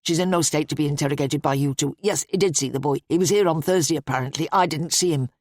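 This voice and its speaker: A weary, grieving father of middle years, his voice sunk low and short-tempered, as a woman reader puts him on. He snaps and mumbles rather than talks, each phrase clipped and tired. The sound is close and dry, with no room around it. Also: quick pace, a little mellow, dry recording. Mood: weary, irritable.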